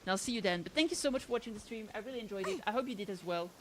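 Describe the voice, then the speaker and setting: A woman's voice: medium pitch, racing, a bit bright, slight background noise. A woman from France with a slight French accent, chatting casually with her stream viewers in a rambling way, full of fillers and restarts.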